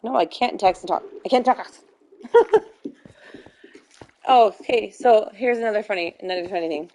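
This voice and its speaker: A woman's voice: medium pitch, normal speed, dark tone. A young woman chatting casually while playing a game, telling stories with lots of fillers and giggles. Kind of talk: casual chat while gaming.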